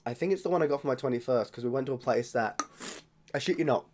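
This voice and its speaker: With slight background noise, a young Australian host talks fast in a mid-range, slightly mellow voice. Tasting beers for his casual vlog, he rambles chattily and corrects himself often.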